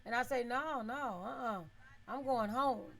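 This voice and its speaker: A woman telling a story in a casual, animated way. She laughs often, keeps checking in with her listeners, and acts out her own shouts. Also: fairly high pitch, unhurried.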